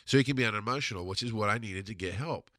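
A man telling a personal story in a blunt, profane, confessional monologue, dropping to a murmur and then bursting out loudly. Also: fast, dry recording. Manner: blunt and profane, swings from low murmur to loud outbursts. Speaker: podcast host answering a listener question.

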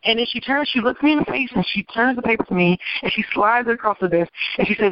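A woman attorney from Michigan telling her life story as an interview guest, animated and acting out the people she quotes. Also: fairly high pitch, fast, few pauses, dry recording. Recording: dull, dry lo-fi recording.

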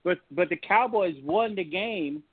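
A man, a pastor, telling a personal story on a call-in talk show in an animated, folksy way. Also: high voice, a little slow, no room sound. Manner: animated, folksy storytelling with Southern turns of phrase. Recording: tinny phone-line audio, dry.

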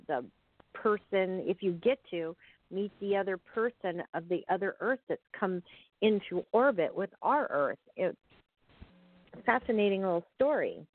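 A woman hosting a casual chat about films, chatty and often searching for words. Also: medium pitch. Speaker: podcast host. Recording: tinny phone-like sound.

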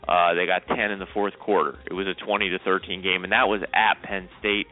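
Low-voiced and flat, this man talks fairly quickly as he co-hosts a sports talk show and lays out his picks. He chats freely but hedges constantly with "you know" and "I mean," over what sounds like a call-in phone line.

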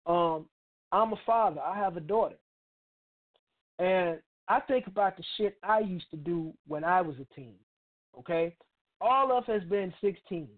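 A man's voice: high-pitched, a little slow. Middle-aged man, blunt and profane, street slang, radio host monologue, tinny phone-like sound. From Chicago, United States. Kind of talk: opinionated monologue.

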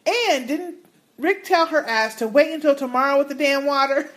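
A woman's voice: high voice, normal speed, fairly bright tone. A woman co-hosting a casual podcast, reading listener emails aloud and adding her own comments. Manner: reads emails aloud with asides and laughs.

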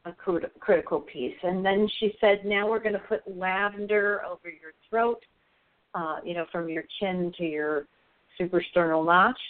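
A woman guest on a radio show, telling a personal story in an earnest, halting way with many fillers. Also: fairly low pitch, dry recording. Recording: thin phone line, dry.

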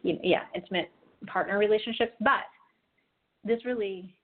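A woman's voice: medium pitch, moderate pace. A woman co-hosting a casual chat, telling stories in a chatty way with lots of fillers. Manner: chatty storyteller, many fillers. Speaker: co-host. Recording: tinny phone-like line.

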